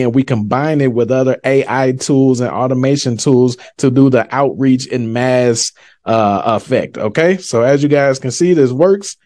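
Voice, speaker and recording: A man's voice: fairly high pitch, mellow. A man hosting a live screen-share tutorial, hyping his method with slangy patter and talking straight to his viewers. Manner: hyped, slangy salesman patter; talks straight to viewers, often says "guys". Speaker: livestream host.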